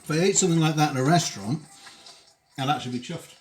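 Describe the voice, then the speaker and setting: A man's voice: a little high, fast talker, faint music behind. A man hosting a casual live cooking stream from his home kitchen, chatting while he eats. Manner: chatty, talks while eating. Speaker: streamer host.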